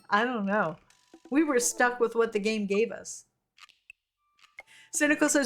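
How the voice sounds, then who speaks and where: A woman's voice: fairly high pitch, measured pace, long pauses, a bit bright. A woman streamer giving casual commentary on a game, laughing often and reading chat aloud.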